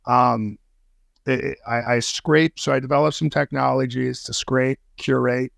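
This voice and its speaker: A man's voice: medium pitch, steady tone, measured pace, gravelly, no echo, clean studio sound. A man guesting on a podcast, telling a story in casual talk, swearing freely and using street slang.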